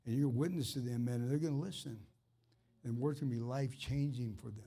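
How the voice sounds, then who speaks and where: An earnest man in informal ministry, talking straight to one listener in a plain, conversational flow. His voice sits at an ordinary middle pitch, neither deep nor high, and carries a fervent edge. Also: fast talker, vocal fry, mellow, husky. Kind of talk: informal preaching and personal ministry.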